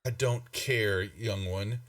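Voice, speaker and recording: A man's voice: fairly low pitch, takes it slowly, a bit bright, distant mic. A man voicing a pompous, portly older male town master who blusters and brushes people off. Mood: haughty. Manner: blustering, dismissive.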